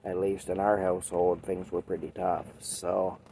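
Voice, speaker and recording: A hoarse man with a sore throat, rambling in a folksy way as he chats with a cow companion and often adds "eh". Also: sits low, level tone, normal speed, mellow, slight background noise. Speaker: video host reacting to a song. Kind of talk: casual chat to a toy cow.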